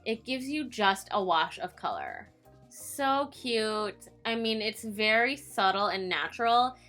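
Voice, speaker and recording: A woman's voice: medium pitch, sing-song, slow pace, fairly bright tone, soft background music. A young woman reviewing makeup in a vlog, chatty, giggly and self-mocking, tired from filming late at night. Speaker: beauty vlogger.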